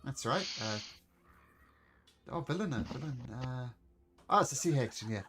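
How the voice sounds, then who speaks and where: A man narrating as game master of a tabletop game, talking in a relaxed, polite way. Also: medium pitch, moderate pace, very noisy.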